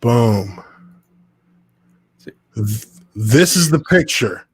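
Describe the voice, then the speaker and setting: A man's voice: mid-range voice, extremely slow, breathy edge. A man hosting a podcast, casually telling a long story at his computer and animating the people in it. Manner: animated, acts out others' voices in quotes. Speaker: podcast host, former football lineman. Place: home studio at a computer.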